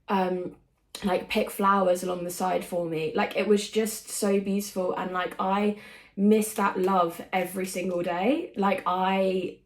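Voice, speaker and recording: A young woman chatting casually while getting ready, emotional and effusive, swearing and saying "like" constantly. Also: lowish voice. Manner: emotional, effusive, swears often, says "like" a lot. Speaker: vlogger. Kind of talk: casual get-ready-with-me chat.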